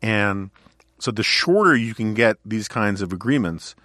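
A man with a lowish voice hosts a casual podcast conversation. He rambles, restarts his sentences and laughs easily. The sound is close and dry, with no room around it. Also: expressive, measured pace, fairly bright tone, no room sound. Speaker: podcast host.

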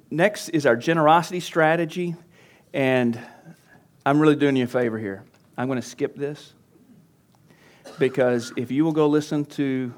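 In a conference session room, a pastor teaches church leaders at a workshop, speaking conversationally and growing animated as he acts out his coaching. His voice is medium in pitch.

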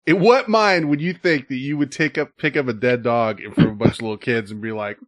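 Mid-pitched male co-host, wry and reactive, casual delivery. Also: a little fast. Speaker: podcast co-host. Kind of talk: casual chat.

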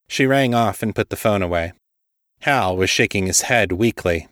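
A man narrating a story as a podcast host, reading in a steady, measured way. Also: fairly low pitch, dry recording, clean studio sound. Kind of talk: scripted audiobook narration.

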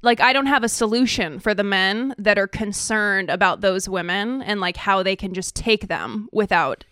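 Smooth-voiced woman podcast co-host. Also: mid-range voice, moderate pace, bright, forceful tone, no echo, studio quality. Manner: thoughtful, hesitant, with fillers and restarts. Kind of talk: casual podcast chat.

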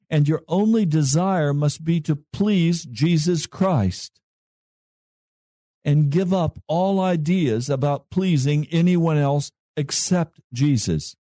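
Slow-speaking male preacher, dry sound. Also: on the high side, mellow, dry recording. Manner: slow, measured preaching with long pauses. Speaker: pastor. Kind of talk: sermon.

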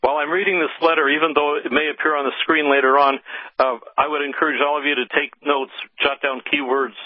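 A man reading a letter aloud on a radio show in a measured, formal way with occasional hesitations. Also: a little high, little pitch movement, no echo, narrow, tinny audio.

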